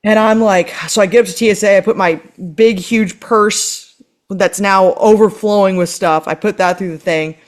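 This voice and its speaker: A woman on a podcast telling a story in casual chat, animated and exasperated, swearing often. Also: medium pitch, normal speed. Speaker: podcast co-host.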